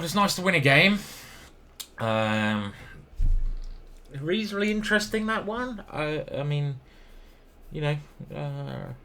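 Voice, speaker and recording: A man's voice: a little high, sharp tone, slight background noise. A man with an English accent commenting casually over his own chess games, rambling, self-deprecating and swearing now and then.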